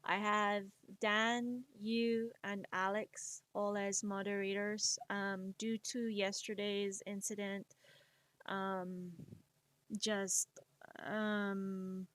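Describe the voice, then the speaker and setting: A woman's voice: medium pitch, little pitch movement, slow pace, fairly bright tone, no room sound. A young woman with a Spanish accent, chatting casually on a stream while she draws, rambling and poking fun at herself. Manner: rambling, self-deprecating, laughs often.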